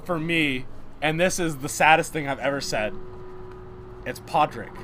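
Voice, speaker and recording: A young man with a high voice talks casually with friends, joking and laughing at his own bits. His delivery is loose and unscripted, with a faint hiss of noise under it. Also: a little slow, a bit bright. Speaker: podcast co-host. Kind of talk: casual chat.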